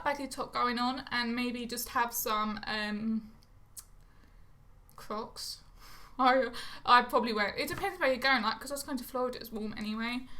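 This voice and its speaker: Young girl vlogging, high-ish bright voice, chatty and rambly, swears a bit. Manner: chatty, rambling, swears casually, self-mocking. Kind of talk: casual chat to camera. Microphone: phone or camera close to her face.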